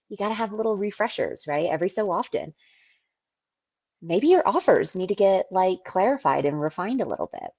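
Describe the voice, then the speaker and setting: A woman's voice: on the low side, warm tone, breathy edge. A woman hosting her own podcast, talking candidly and casually about running a business, swearing and laughing now and then. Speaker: podcast host, business owner. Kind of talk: casual solo podcast talk.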